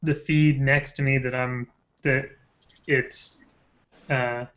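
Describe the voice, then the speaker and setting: A man's voice: medium pitch, little pitch movement, slow pace, over a noisy crowd. A man hosting a casual live-stream chat, eager and rambling, often trailing off mid-thought. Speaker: host of a political web show. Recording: dull lo-fi live-stream audio.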